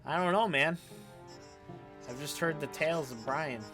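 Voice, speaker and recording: Fast-talking Kentucky man streaming a game. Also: fairly high pitch, over music. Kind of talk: casual live-stream commentary.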